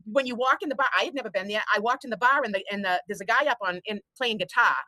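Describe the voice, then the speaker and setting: A woman's voice: fairly high pitch, fast, pushed and bright, no room sound, low-quality recording. A woman, chatting bluntly and telling stories as a show host. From Boston. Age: 50s. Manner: chatty storyteller, blunt and profane. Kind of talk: casual chat on a livestream.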